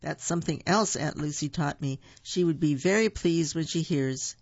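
A storyteller voicing a polite, earnest young male bear who loves marmalade, soft and a little gravelly, in a dull, dry recording. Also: medium pitch, moderate pace, dry recording, lightly acted.

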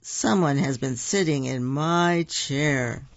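A storyteller voicing a big, gruff papa bear who speaks slowly and heavily. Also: mid-range voice, no room sound. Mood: grumbling. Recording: dull lo-fi recording.

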